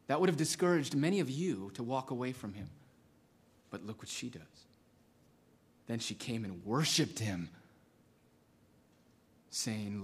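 A male pastor preaching a dramatic sermon, swinging from loud exclamations to hushed tones. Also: medium pitch, animated, measured pace, long pauses, husky.

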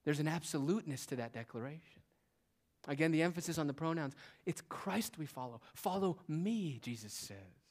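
A male pastor preaching a sermon in a church, swinging between quiet, hushed lines and raised, emphatic ones. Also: on the high side, lively intonation, brisk.

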